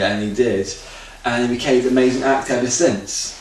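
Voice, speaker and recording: A man's voice: medium pitch, fairly quick, few pauses, darkish tone. A man rambling loosely and unscripted through his audition tape to a camera, restarting his sentences often. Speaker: auditioning amateur actor. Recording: echoey room, distant camera mic, faint ambience.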